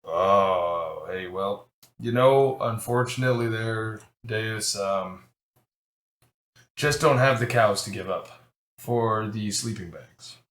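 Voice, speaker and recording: A man voicing a huge, gruff Goliath who is dry and straightforward. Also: on the low side, slow, a bit bright, pitched below the performer's own voice. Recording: echoey room.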